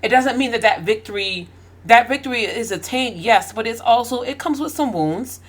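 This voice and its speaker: A woman's voice: fairly high pitch, lively intonation, moderate pace. Woman, host, faith-based pep talk, emphatic, rhetorical questions.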